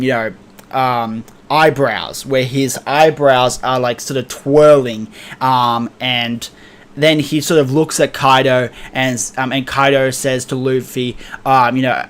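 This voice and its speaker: A young man recapping a comic chapter casually, excitable and profane, thick with fillers and laughter. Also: medium pitch. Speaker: manga reviewer.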